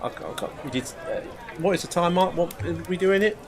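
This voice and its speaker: Talking fast with lively intonation, this high-voiced man rambles through a live stream, addressing his viewers as mate. He's forgetful and keeps losing track of what he was saying, and a crowd can be heard in the background.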